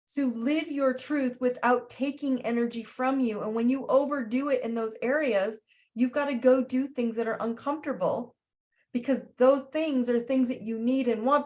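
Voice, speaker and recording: A woman hosting a spiritual astrology talk in an animated way, often slipping into playful character voices. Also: sits high. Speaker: astrology host.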